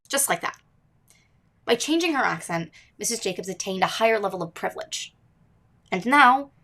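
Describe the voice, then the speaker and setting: A woman hosting an interview program, asking questions and reading scripted narration in a measured way. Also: mid-range voice, creaky, fairly bright tone. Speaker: host and narrator.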